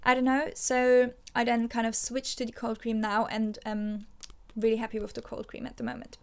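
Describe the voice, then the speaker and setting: A woman's voice: fairly high pitch, flat delivery, moderate pace, darkish tone, clear, resonant tone. A young woman, a native German speaker, talking casually to camera about her skincare and correcting herself as she goes. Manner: chatty, musing, with fillers and self-corrections. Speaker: beauty vlogger.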